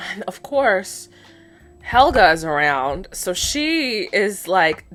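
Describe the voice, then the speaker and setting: A woman's voice: mid-range voice, sing-song, slow, a bit bright, soft background music. A young woman vlogger, chatty and slangy, who laughs often as she recaps a cartoon while doing her makeup. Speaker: beauty vlogger.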